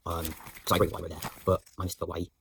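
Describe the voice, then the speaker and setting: A man's voice: low voice, little pitch movement, very fast, a bit bright, a little hiss or hum. A young man, a drama student, rambling through a reflective voice note on his acting practice, with many fillers and restarts. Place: indoors at home.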